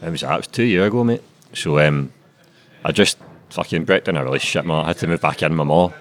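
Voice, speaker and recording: A man's voice: rumbling low, quick pace. A young man in his twenties with a Glaswegian Scottish accent, a guest author chatting casually and swearing freely. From Glasgow, Scotland. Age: 20s. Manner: swears often, laid-back and chatty. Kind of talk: casual interview chat.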